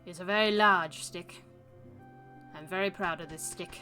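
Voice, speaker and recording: A woman's voice: fairly low pitch, unhurried, bright, forceful tone, faint music behind. A woman streamer giving casual gameplay commentary, chatty and self-amused as she thinks aloud.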